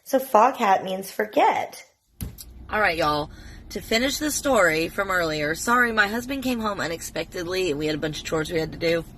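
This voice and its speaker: A woman's voice: on the low side, lively intonation, moderate pace, fairly bright tone, a little hiss or hum. A woman in her forties telling a long personal story to a phone camera in a blunt, swear-heavy way. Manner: profane, emphatic and blunt. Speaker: TikTok storyteller.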